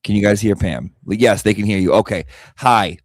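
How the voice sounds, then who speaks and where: A man's voice: fairly low pitch, moderate pace, dry recording. A man hosting a casual livestream chat, talking loosely with lots of fillers and restarts. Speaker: livestream host.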